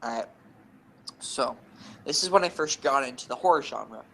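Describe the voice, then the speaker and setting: A young man and podcast co-host telling rambling, animated gaming anecdotes, swearing freely. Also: medium pitch, moderate pace, vocal fry, a little hiss or hum, low-quality recording. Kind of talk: casual storytelling.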